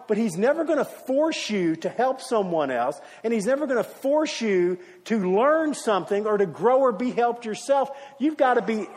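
A man's voice: high voice, in a large hall. A man preaching a sermon, telling stories with emphatic rises and dramatic retellings. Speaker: pastor.

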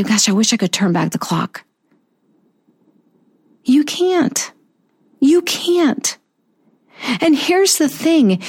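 A woman in her fifties hosting a motivational talk show, earnest and encouraging, slowing down to stress key phrases. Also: fairly high pitch, a little mellow. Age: 50s. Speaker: podcast host.

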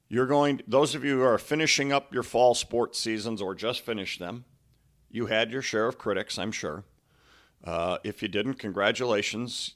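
A man who coaches basketball, hosting a motivational podcast in an earnest, conversational way, slowing down to stress the lines he quotes. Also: on the low side. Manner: conversational, asks listeners "okay?" and "right?".

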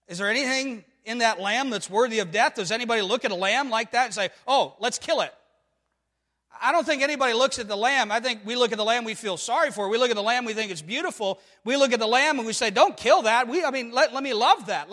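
A man's voice: extremely high pitch, pushed and bright, long reverb tail. A man preaching a sermon, emphatic and full of rhetorical questions to the congregation. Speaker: pastor.

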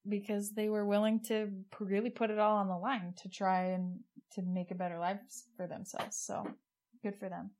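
A woman's voice: medium pitch, flat delivery, normal speed, darkish tone. A woman co-hosting a podcast, earnestly retelling an episode's plot in a casual chat. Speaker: podcast co-host.

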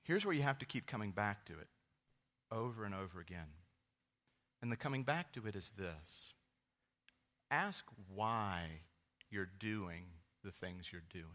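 A man preaches from the pulpit with a bright, forceful voice sitting a little low in pitch. He tells stories and acts out quoted exchanges, jumping to high, loud exclamations before settling back into earnest preaching. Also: lively intonation, a little slow, long pauses. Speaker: pastor. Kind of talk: sermon.

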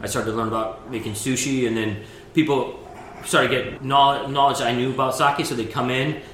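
A middle-aged man who runs a sake program and used to be a chef, telling animated stories in a casual interview, laughing often and restarting his sentences. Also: medium pitch, normal speed, a little hiss or hum. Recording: roomy echo with faint ambience.

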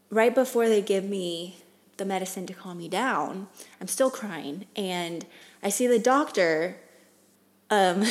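A young woman vlogging, telling a personal story in a frank, chatty way with many fillers. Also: mid-range voice. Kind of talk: casual storytelling vlog.

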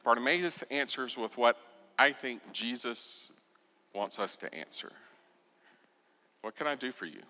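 A man preaching a sermon as pastor, telling the story with expression and acting out quoted lines, sometimes dropping to a soft, intense voice. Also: medium pitch, measured pace, pauses often, big-room sound.

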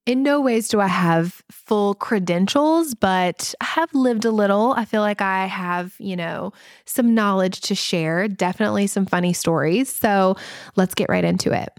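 A woman's voice: medium pitch, unhurried, no echo, clean studio sound. A woman in her thirties with a Southern US accent, hosting a podcast from home in a casual, chatty way, laughing often and sprinkling in ums and likes. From American South. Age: 30s. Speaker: podcast host. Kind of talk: casual chat. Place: home, recording at night. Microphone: podcast microphone.

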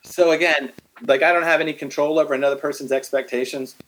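A middle-aged man in a casual faith conversation, animated, acting out quotes as he tells stories. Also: fairly high pitch, fast talker, low-quality recording.

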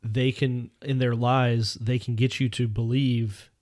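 A man's voice: medium pitch, flat delivery, measured pace, a little mellow, no echo, studio quality. A man co-hosting a casual faith discussion podcast, earnest and thinking aloud with frequent restarts and asides. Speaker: podcast co-host.

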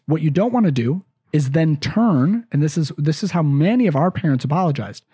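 A man's voice: a little high, expressive, brisk, dark tone, slightly rough, no echo, studio quality. A man hosting a parenting podcast, giving earnest advice in a casual, conversational way and often restarting his phrases. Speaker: parenting podcast host and counselor.

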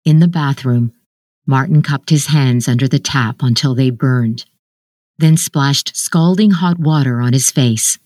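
Woman reading a short story, low voice, slow and measured, dry close mic. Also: darkish tone, no room sound. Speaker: narrator.

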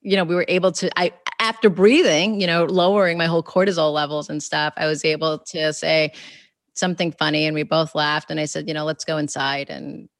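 A woman's voice: low voice, steady tone, brisk, no echo, clean studio sound. A woman in her thirties, a guest author and educator, talking through ideas in a casual interview with plenty of fillers and restarts. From New York. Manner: warm, reflective, many fillers and restarts.

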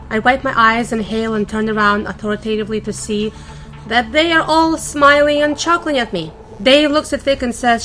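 A woman's voice: on the high side, fairly even intonation, moderate pace, pushed and bright, soft background music, low-quality recording. A woman performing tense first-person narration and inner monologue in an audio drama, with frequent swearing. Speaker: voice actor and writer.

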